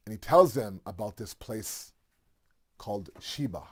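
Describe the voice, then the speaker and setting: A man's voice: on the low side, expressive, a little slow, husky. A man telling a religious story in a casual, conversational way, with many fillers and asides.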